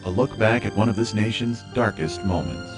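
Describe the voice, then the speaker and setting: A man announcing a dramatic trailer for a podcast with a grave, booming delivery. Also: moderate pace. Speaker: promo announcer. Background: music.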